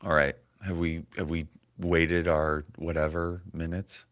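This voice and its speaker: Low-voiced grumbling man in his forties. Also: level tone, measured pace, fairly bright tone, no echo, studio quality. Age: 40s. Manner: rambling, profane, grumbling. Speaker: comedian livestream host. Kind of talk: casual livestream chat.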